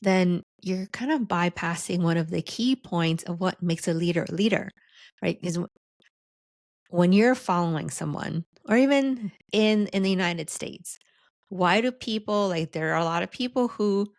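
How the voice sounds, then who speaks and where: A woman hosts a podcast and teaches leadership in an easy, chatty way, often tossing in "right?" and "like". Her voice sits low and she takes her time with each phrase. The recording is close and dry. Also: measured pace, no echo. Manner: conversational, frequent "right?" and "like". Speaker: leadership coach and podcast host.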